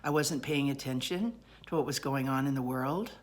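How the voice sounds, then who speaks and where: Low-pitched woman recounting a personal story, lively and rambling, frequent ums. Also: normal speed. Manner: animated, rambling retelling with many fillers. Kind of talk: personal story told aloud.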